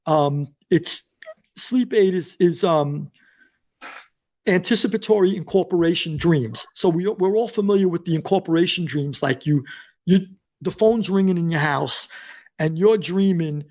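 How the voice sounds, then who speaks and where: A man, a guest author telling stories in an interview and acting out the dialogue. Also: a little high. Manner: acts out dialogue in quotes, fast and excited. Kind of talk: animated storytelling interview.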